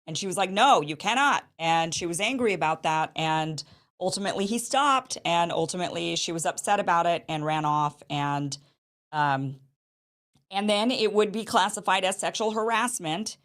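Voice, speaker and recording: Low-voiced woman giving hesitant commentary. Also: moderate pace, fairly bright tone. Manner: hesitant, restarts and repeats phrases while reasoning aloud. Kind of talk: casual spoken commentary.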